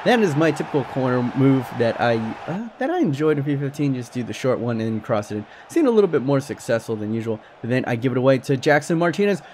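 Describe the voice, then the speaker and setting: A male gaming commentator talks over his football match in a casual, animated way. His pitch swings widely and jumps to high yelps at big moments. A faint hiss sits under his desk-mic recording at home. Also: a little fast. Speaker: gaming YouTuber. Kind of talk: excited gameplay commentary.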